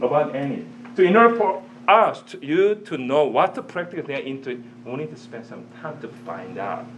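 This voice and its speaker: A man teaching a church audience in a sermon style, animated, quizzing listeners, with broken, non-native-sounding phrasing. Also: medium pitch, slight background noise.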